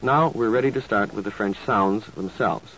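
A man teaching pronunciation in slow, carefully enunciated scripted narration, like an old instructional tape. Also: fairly low pitch, a bit bright, slightly rough. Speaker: language teacher. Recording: dull lo-fi tape with faint hiss.

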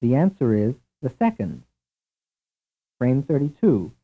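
A man giving a scripted language lesson in a measured, clear, deliberate drill delivery. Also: medium pitch, big pitch swings. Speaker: language instructor. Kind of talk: scripted instructional narration. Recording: tinny, lo-fi old tape recording.

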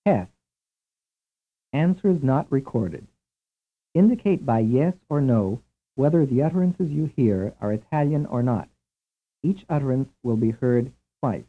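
A man giving a scripted language lesson in a measured, clear, deliberate drill delivery. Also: mid-range voice, sing-song. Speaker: language instructor. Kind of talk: scripted instructional narration. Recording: tinny, lo-fi old tape recording.

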